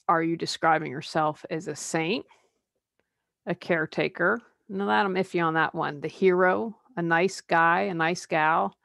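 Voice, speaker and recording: A woman hosts a solo coaching podcast in a lowish voice. She talks in a conversational, candid way and adds personal asides. The recording is dry and close. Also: vocal fry, dry recording. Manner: conversational, drops into mocking put-on quotes. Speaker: life coach and podcast host.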